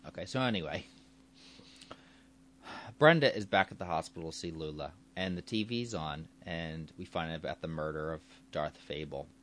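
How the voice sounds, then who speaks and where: A man's voice: a bass voice, moderate pace, fairly bright tone, a little hiss or hum. A man casually retelling a story, rambling and correcting himself as he goes. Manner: rambling, self-correcting, chuckling.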